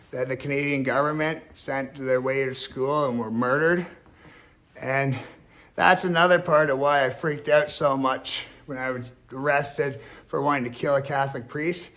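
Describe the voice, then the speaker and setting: A man's voice: a little high, a bit bright. A man talking alone to camera in a rambling, emotional rant, swearing often and repeating himself. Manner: rambling, profane, emotional and repetitive. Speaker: vlogger. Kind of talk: ranting monologue to camera.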